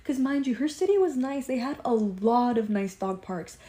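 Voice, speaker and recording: A woman's voice: fairly high pitch, normal speed. A young woman telling a story in a casual vlog, blunt and profane, acting out quotes as she goes. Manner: blunt, profane, animated retelling with quoted asides. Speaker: vlogger.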